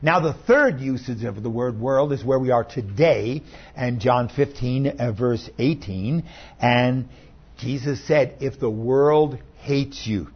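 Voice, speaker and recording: A man's voice: mid-range voice, slow pace, breathy edge, lo-fi sound. A man preaching a sermon as pastor, explaining scripture verse by verse in an emphatic teaching manner.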